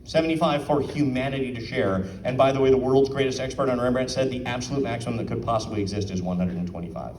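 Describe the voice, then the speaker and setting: A man speaking at medium pitch, quickly and with few pauses, gives a relaxed talk at an art auction in a slightly mellow voice. He chats, asks listeners questions, and acts out quotes, captured by a distant mic with roomy sound and a bit of background noise.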